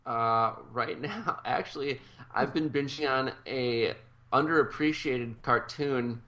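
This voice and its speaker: A man co-hosting a podcast in a loose, rambling conversation with guests on a video call. His voice is bright and a little sharp. He talks with easy enthusiasm, circling around his points before landing them. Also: medium pitch, takes it slowly. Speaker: podcast co-host. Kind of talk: casual chat.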